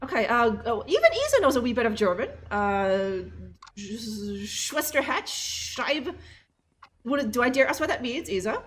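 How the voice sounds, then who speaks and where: A chatty woman streaming a game live, joking with her chat and reading lines aloud. Her voice is fairly high and very lively, bouncing all over the place. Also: a little fast, few pauses, slight background noise. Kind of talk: casual live game commentary.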